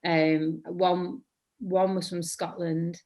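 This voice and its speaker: A woman's voice: on the low side, slow pace. A woman in her thirties with a Mancunian accent, chatting as a guest in an interview, rambling and correcting herself as she goes. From England. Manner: says her voice tends to be monotonous. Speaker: guest actor. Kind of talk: casual interview chat.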